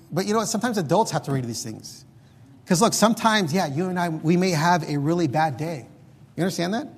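A man with a slightly high, husky voice preaches an earnest sermon, his volume swelling and dropping as he exhorts the congregation. The audio has a big-room sound.

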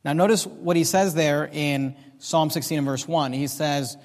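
A man with a high voice preaches from the pulpit, slowing down to stress each quoted scripture verse. His words ring out with the long reverb of a large church hall. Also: darkish tone. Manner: preaching, drawn-out emphatic quoting of scripture. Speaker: pastor. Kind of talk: sermon.

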